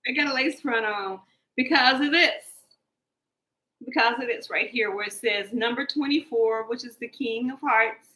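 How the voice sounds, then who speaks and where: Bright, high-voiced woman reading tarot. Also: normal speed, echoey room, rough recording. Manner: animated, joking, laughs often. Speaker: tarot card reader. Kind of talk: casual live tarot reading and chat.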